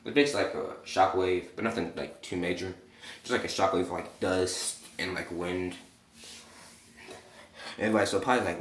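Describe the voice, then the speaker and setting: A man with a lowish voice tells a fan-made story in a loose, rambling way, leaning on filler words and cursing freely. The room around him rings with a noticeable echo, and a faint hiss sits underneath. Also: steady tone, moderate pace, pauses often. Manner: rambling, leans on "basically" and swearing. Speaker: channel host. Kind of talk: casual retelling of a fan story. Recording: roomy echo.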